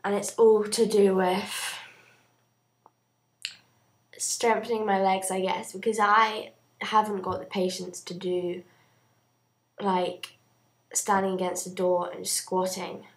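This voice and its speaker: A young woman chatting casually to camera in a video diary, rambling and filling pauses with "um". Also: mid-range voice, flat delivery. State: out of breath. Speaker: vlogger.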